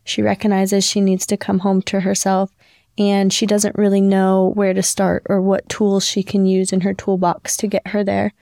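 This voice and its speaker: Flat-toned woman host asking questions. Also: medium pitch, moderate pace, creaky, no echo, studio quality. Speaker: podcast host. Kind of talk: interview questions.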